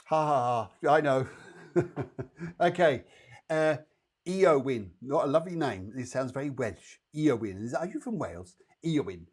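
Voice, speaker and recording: A man's voice: medium pitch, very animated, moderate pace, breathy edge. A man hosting a psychic show, giving chatty, reassuring mini readings straight to his viewers. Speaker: psychic medium host.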